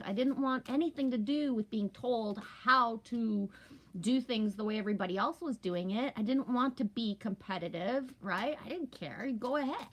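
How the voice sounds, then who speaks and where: Rambling woman chatting casually with viewers. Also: mid-range voice. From Canada. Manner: rambling, talkative, frequent "right?" and "you know what I mean". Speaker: live stream host.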